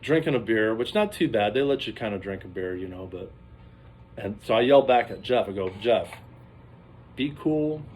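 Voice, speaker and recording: A man telling a rambling, animated story in casual vlog style, acting out what people said. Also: on the low side, brisk. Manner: rambling, animated, acts out quotes.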